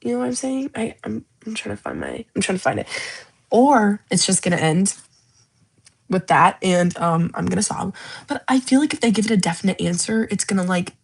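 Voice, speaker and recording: A woman's voice: mid-range voice, very animated, brisk, vocal fry, husky. Rambling young woman streamer. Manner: rambling, self-interrupting, searching for words. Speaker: livestream host. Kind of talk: casual livestream chat.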